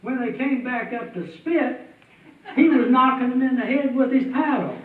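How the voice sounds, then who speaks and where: High-voiced folksy storyteller. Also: male voice, moderate pace, crowd noise. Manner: folksy, chuckling delivery. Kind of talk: tall tale storytelling. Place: festival stage before an audience. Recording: tinny, distant, echoey hall sound.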